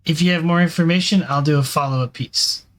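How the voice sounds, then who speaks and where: A man's voice: a little high, fast talker, fairly bright tone, natural voice. A man voicing a persistent female news reporter in a tabletop role-play, asking pointed questions. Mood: insistent. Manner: pushy, determined questioning.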